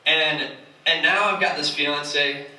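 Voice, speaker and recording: Bright man preaching in an echoey hall. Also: on the high side, steady tone, takes it slowly, far from the mic. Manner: joking, conversational, self-mocking. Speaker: church speaker. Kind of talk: casual sermon. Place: church hall.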